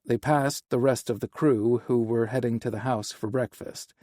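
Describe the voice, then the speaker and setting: A man reading a romance novel aloud in an even, unhurried way as an audiobook narrator. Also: medium pitch, no echo, studio quality. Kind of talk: scripted narration.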